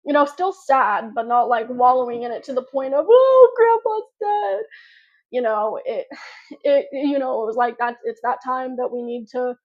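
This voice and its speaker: A woman's voice: on the high side, fairly even intonation, moderate pace, highs cut off. A woman vlogger telling a personal story to her viewers in a casual, rambling way, full of fillers and restarts.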